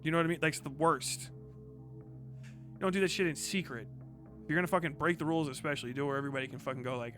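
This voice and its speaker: A man's voice: on the high side, fast, over music. A man streaming live, ranting angrily and swearing heavily. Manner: angry, profane, heated. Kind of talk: livestream rant.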